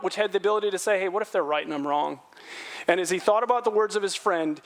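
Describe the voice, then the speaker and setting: High-voiced middle-aged male pastor preaching. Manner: animated, acts out quotes in a raised voice; drops low and quiet on earnest points. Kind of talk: sermon.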